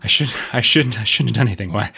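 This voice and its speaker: A man voicing a gentle, panicked man running in terror, out of breath and stammering in a tabletop game. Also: lowish voice, fast, creaky, slightly rough, full character voice. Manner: breathless, stammering, repeating himself.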